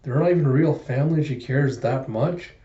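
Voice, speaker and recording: A man's voice: mid-range voice, brisk, mellow, reverberant, dull audio, close to an everyday voice. A man voicing a sarcastic, scruffy grown man while reading a manga aloud. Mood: grudging. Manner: snarky, sarcastic.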